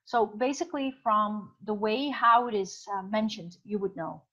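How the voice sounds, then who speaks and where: A woman's voice: mid-range voice, normal speed, fairly bright tone, muffled recording. A woman teacher giving an online class. She explains through many examples and thinks aloud with fillers. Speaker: English teacher.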